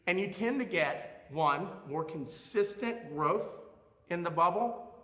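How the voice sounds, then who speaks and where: A man teaching a music lesson, explaining expressively and showing loudness with his own voice. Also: sits high, lively intonation, slow, echoey room, big-room sound.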